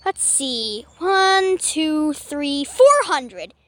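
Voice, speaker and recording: A matter-of-fact helicopter pilot, played by a woman in a homemade toy skit, counting fares and giving orders. The voice is high and bright, recorded dry and close. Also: expressive, extremely slow, dry recording, heavily acted. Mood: businesslike. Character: businesslike adult male helicopter pilot.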